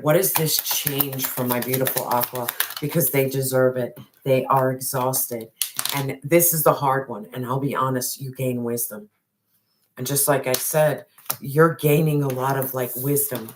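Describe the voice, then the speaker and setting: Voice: medium pitch, slight background noise. A tarot reader giving a spiritual reading straight to the viewer, emphatic and repetitive, with casual slang and the odd swear.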